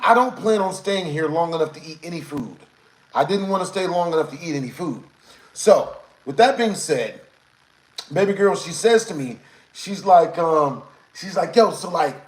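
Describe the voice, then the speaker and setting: Man, slightly high voice, casual rambling storytelling, slangy, talks to live chat, echoey room. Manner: rambling, repeats "you know what I'm saying". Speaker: streamer.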